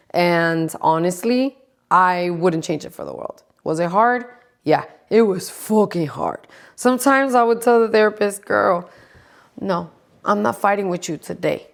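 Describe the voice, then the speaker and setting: A woman's voice: on the low side, vocal fry. A woman in her forties chatting casually to camera, blunt, sassy and full of profanity. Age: 40s. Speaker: vlogger.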